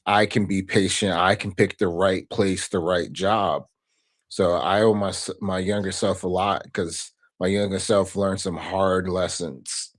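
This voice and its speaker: A man with a fairly low voice talks as a guest on a podcast interview. He reflects on his life in an earnest, unhurried way and often checks in with a quick "right?" at the end of a point. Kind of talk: casual interview conversation.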